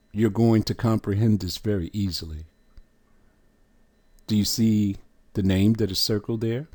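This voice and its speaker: A man teaches from a chart at a slow, measured pace, pausing often to ask the listener if they follow. His voice sits low. The sound is dry and close, with no room around it. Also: darkish tone, dry recording. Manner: asks the listener questions, emphatic. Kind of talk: scripture lesson walking through a chart.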